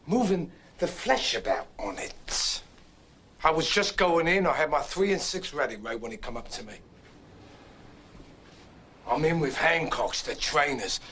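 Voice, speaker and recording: A man's voice: medium pitch, fairly bright tone, slight background noise. An actor playing a restless, boastful young man who rambles through a racetrack story and keeps prodding his listener with "right?". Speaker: actor in a film drama. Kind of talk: stage-play film acting.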